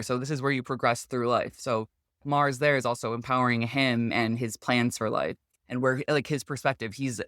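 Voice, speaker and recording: A man's voice: mid-range voice, a bit bright, dry recording. A man with a mid-range voice chats through astrology readings on a podcast. He talks casually, filling his explanations with "like" and "you know". The sound is close and dry.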